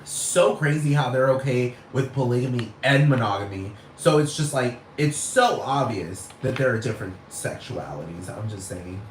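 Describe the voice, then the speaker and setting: A man's voice: medium pitch, lively intonation, moderate pace, hardly any pauses, a little hiss or hum. Man ranting in an echoey room. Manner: blunt, heated, repetitive. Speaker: vlogger. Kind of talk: profane ranting monologue.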